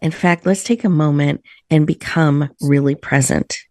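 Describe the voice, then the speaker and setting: A woman hosting a video-call show, leading a slow, soothing guided breathing meditation. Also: low-pitched, no room sound, studio quality. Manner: soft, slow, soothing guidance. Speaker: host. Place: virtual room, video call.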